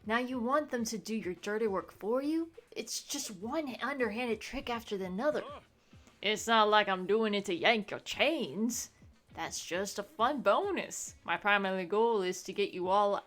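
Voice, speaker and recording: A woman voicing a brash, mocking male creature headmaster with a put-on Cajun accent, talking loud and theatrical. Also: medium pitch, a little slow, soft background music, close to an everyday voice. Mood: taunting.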